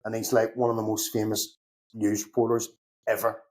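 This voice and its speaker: A middle-aged man from Northern Ireland with a Belfast accent, a podcast guest telling lively stories in casual chat, acting out both sides of each conversation and swearing now and then. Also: fairly low pitch, moderate pace. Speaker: podcast guest, security consultant.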